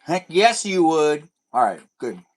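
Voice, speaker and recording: A man hosting a livestream in casual, playful chat, rambling and sometimes drawing words out slowly. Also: fairly high pitch, big pitch swings. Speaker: livestream host.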